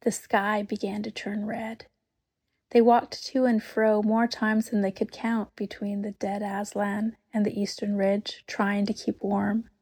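A woman reading a storybook aloud, unhurried and expressive, often dropping to a whisper. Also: mid-range voice, husky. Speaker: narrator.

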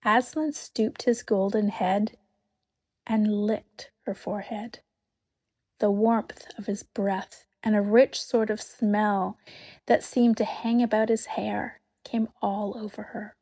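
A woman reading a storybook aloud, unhurried and expressive, often dropping to a whisper. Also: mid-range voice, breathy edge. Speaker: narrator.

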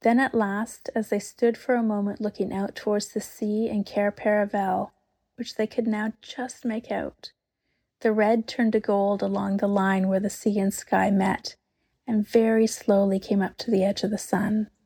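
A woman reads a storybook aloud at a slow, careful pace. Her voice is soft and breathy, and she often sinks into a whisper for quiet moments. Her telling stays expressive throughout. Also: mid-range voice. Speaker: narrator.

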